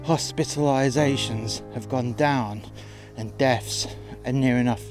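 A man's voice: mid-range voice, steady tone, unhurried. A man narrating a furious, profane monologue rant about his work on the door. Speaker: podcast narrator, door staff. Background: guitar music.

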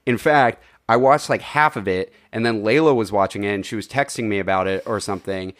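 A man's voice: fairly low pitch, fairly quick, a bit bright. A man co-hosting a casual film review podcast, rambling with lots of filler and swearing freely. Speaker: podcast co-host reviewing films. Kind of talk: casual chat.

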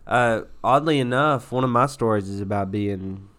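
A podcast co-host with a medium-pitched, fairly bright voice speaks at a moderate pace, telling a ridiculous story with mock-earnest sincerity. The talk is loose, rambling casual chat full of absurd tall tales.

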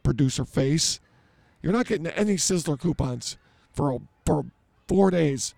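Male comedy podcast host, dark gravelly voice, blustering mock-authority rants. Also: on the high side, animated, measured pace, dry recording. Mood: ranting.

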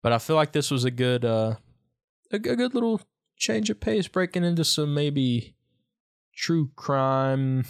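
A man's voice: a little high, expressive, measured pace, gravelly, clean tone. A man co-hosting a podcast in casual chat, easygoing and joking, often trailing off mid-sentence. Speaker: podcast co-host.

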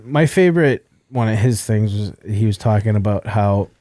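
A man's voice: on the low side, animated, normal speed, warm tone, no room sound, studio quality. A man hosting a podcast in casual chat, laughing often and joking crudely.

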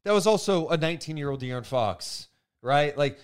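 A man's voice: fairly high pitch, normal speed, clean tone. A man co-hosting a basketball podcast in casual, filler-heavy chat. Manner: animated, lots of fillers. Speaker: podcast co-host.

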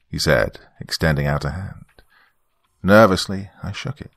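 Man, very low pitch, gravelly fry, dry close sound, first-person horror narration. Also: a bit bright, no room sound. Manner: measured, descriptive, ominous. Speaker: storyteller.

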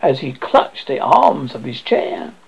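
A man narrating a ghost story aloud in a halting way, often stumbling over words. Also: medium pitch, very animated, gravelly, slightly rough. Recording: dull lo-fi recording.

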